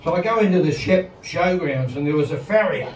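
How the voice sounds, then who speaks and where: Onstage in a casino comedy room, this middle-aged comic from Victoria, Australia swears his way through rambling, crude bits and laughs along with himself. He speaks briskly in a fairly high voice with lively intonation. The sound is lo-fi, with a bit of hiss or hum, recorded live from a distance in a roomy space with a loud audience.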